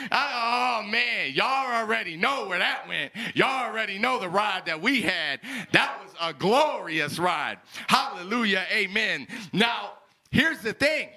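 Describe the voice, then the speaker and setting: A young male pastor telling a story in a sermon, acting out dialogue with loud, animated outbursts. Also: high-pitched, unhurried.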